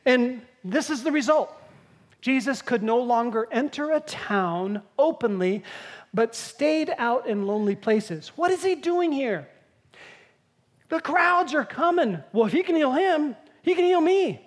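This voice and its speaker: A woman preaching a sermon, telling Bible stories in a lively way and acting out the quoted lines. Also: high voice.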